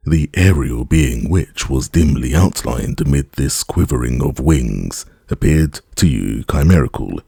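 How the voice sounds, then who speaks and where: A man reading a classic novel aloud as an audiobook narrator, in a measured, expressive way. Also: very deep voice, creaky, breathy edge, no room sound, studio quality.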